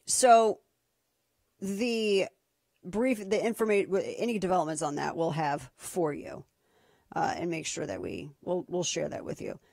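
A woman's voice: lowish voice, unhurried, creaky, dry recording, studio quality. A woman hosting a political talk radio show, speaking casually with a sarcastic, mocking edge. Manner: sarcastic, mocking, lively asides.

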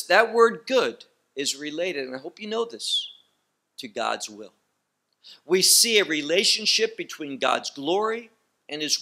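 Slow, bright-voiced man teaching Bible. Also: high-pitched. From Israel. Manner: deliberate, emphatic teaching with rhetorical questions.

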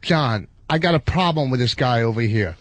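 A man reading a scene aloud, playing a young man angry at someone who owes him money, in a flat cold-read manner. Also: medium pitch, moderate pace, dry recording, pitched below the performer's own voice, lightly acted. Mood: demanding.

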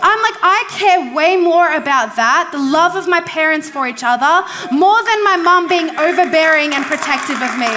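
A woman's voice: high-pitched, lively intonation, normal speed, hardly any pauses, crowd noise. A woman pastor preaching a sermon in a conversational, emphatic way, asking the congregation questions and repeating key phrases.

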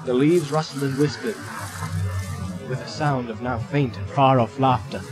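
A man giving dramatic fantasy audiobook narration in a measured, vivid storytelling manner. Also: medium pitch, poor audio. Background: music score.

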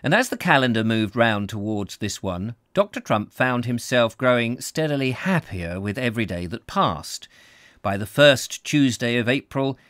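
A man narrating a novel in an expressive reading with small slips. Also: mid-range voice, no echo, studio quality. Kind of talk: audiobook reading.

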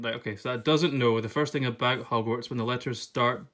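A young man from Scotland with a Scottish accent, chatting casually about a book, laughing often and reading bits aloud haltingly. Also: mid-range voice, fairly even intonation, fairly bright tone. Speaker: vlogger. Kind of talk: casual unboxing chat.

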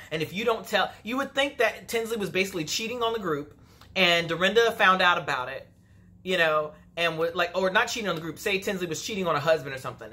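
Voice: medium pitch, lively intonation, fast talker, pushed and bright. A vlogger giving a casual, gossipy episode recap, chatty and opinionated, full of "you know" and "like". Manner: sassy and opinionated.

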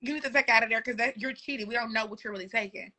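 Bright-voiced young woman, teasing softly. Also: very fast. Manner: teasing, laughing, low-key. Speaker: friend on the livestream. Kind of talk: casual chat on a livestream. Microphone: phone on a live video call.

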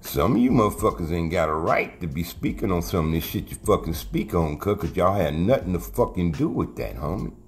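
A man's voice: deep voice, very animated, brisk, few pauses. A middle-aged man, telling street stories in casual, profane, slang-heavy talk and acting out the quotes. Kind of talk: casual storytelling.

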